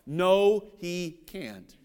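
A man's voice: sits high, sing-song, very slow, darkish tone, clear, resonant tone. A man from Cincinnati, Ohio, preaching a sermon in a conversational, joking way and often checking that the audience follows along. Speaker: pastor.

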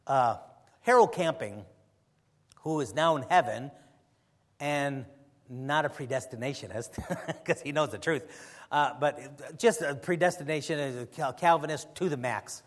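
A man's voice: on the high side, measured pace, pauses often, big-room sound. A man preaching in a conversational way, emphatic at times and often drifting into rambling asides. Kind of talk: conversational sermon.

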